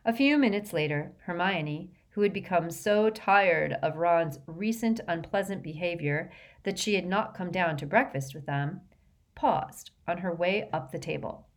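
A woman reading a children's fantasy novel aloud in a steady, even narrating voice. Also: lowish voice, unhurried. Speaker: audiobook reader. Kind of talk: storybook narration.

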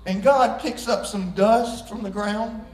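A man preaching a sermon to a congregation, joking and swinging from hushed asides to loud shouts. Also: sits high, steady tone, slow pace, far from the mic. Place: church sanctuary. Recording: echoey room, voice from off-mic.

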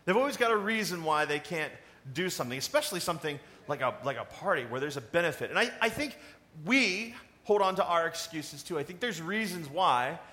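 A man preaching a sermon in a conversational, animated way, asking the congregation questions. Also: fairly high pitch, a little fast. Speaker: pastor.

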